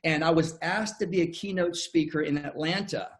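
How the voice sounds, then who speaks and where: An older American man, somewhat high-voiced, presents over a video call. He tells his story in a folksy, homespun manner, often restarting his sentences as he goes. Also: moderate pace. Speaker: network marketing presenter. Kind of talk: online business presentation.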